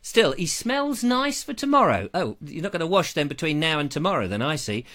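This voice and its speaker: A man's voice: a little high, very animated, brisk, a bit bright. A man hosting a casual livestream, jokey and rambling, chatting into a lavalier mic. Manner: jokey, rambling, slips into silly voices. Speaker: livestream host.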